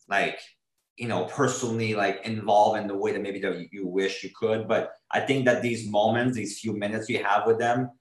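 A man answering interview questions, earnest and rambling, often stopping to restart his thoughts. His voice sits a little low. The recording has a noticeably roomy sound. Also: a bit bright. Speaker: drummer being interviewed. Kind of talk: casual interview talk.

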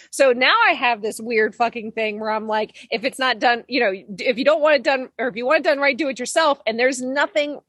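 A woman with a high voice talks on a podcast, swearing freely as she vents about her day. The sound is close and dry, with no room around it. Her tone is exasperated and chatty. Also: fairly bright tone, breathy edge, no echo. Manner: profane, exasperated venting. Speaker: podcast co-host. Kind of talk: casual chat. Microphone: podcast microphone.

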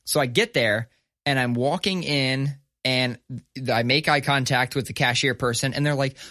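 A man, co-hosting a podcast, telling a story in casual chat, animated and profane, acting out the voices of people in his story. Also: medium pitch, normal speed, no echo, studio quality. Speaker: podcast co-host.

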